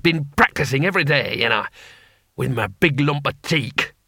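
A man's voice: mid-range voice, lively intonation, normal speed, vocal fry, sharp tone, no room sound, clean studio sound, full character voice. A man doing an eager arthritic old barbarian. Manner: eager and boastful.

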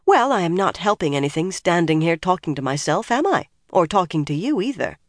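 A woman's voice: on the low side, sing-song, brisk, no room sound, clean studio sound. A narrator voicing a determined, stubborn young woman who speaks earnestly and pleads. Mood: resolute.

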